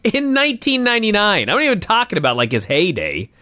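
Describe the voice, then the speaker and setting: A man co-hosting a casual wrestling recap podcast, excitable and profane, often laughing. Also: high voice, fast, no room sound. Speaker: podcast co-host.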